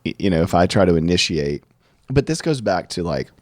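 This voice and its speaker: A deep-voiced man hosts a casual interview. He tells animated stories and acts out both voices in them. The mic is close and dry. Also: a little fast, no echo. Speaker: podcast host.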